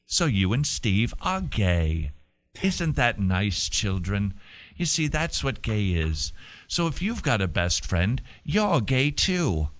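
A man's voice: fairly low pitch, sing-song, takes it slowly, no echo. A man putting on a British accent to play a prim schoolteacher who talks down to a class of children in a sugary, patronizing tone. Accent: put-on British. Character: prim mock British schoolteacher talking down to kids.

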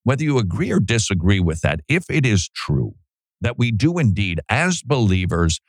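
A man hosting a talk show, speaking in a lively, animated way and slipping into voices when he quotes. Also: lowish voice, normal speed, dry recording, studio quality. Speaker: podcast host. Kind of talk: casual commentary.

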